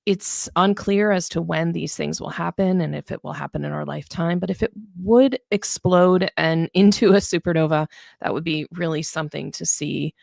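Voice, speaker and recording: A woman hosting a live astronomy lesson, chatting her way through the stars with frequent fillers and self-corrections. Her voice is strongly gravelly with fry and sits on the lower side. The sound is close and dry. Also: normal speed, a little mellow, dry recording. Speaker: author and astronomy educator. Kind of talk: live-streamed stargazing lesson.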